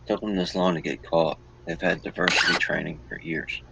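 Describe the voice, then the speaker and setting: Gravelly, husky man with a very deep voice. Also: fairly even intonation, brisk, bright, forceful tone, a little hiss or hum, poor audio. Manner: rambling, asks questions. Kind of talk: casual political chat.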